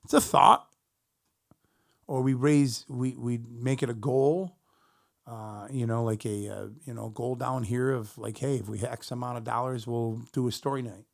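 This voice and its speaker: A middle-aged man, a musician, casually telling a long profane story to his stream chat, animated and rambling. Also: mid-range voice, normal speed, creaky.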